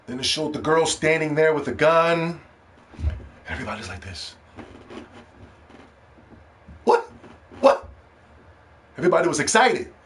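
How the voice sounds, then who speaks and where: A man hosting a podcast, telling stories in a casual monologue and acting out other people's reactions with slang. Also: medium pitch. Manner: animated storytelling, mimics other people in slang. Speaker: podcast host.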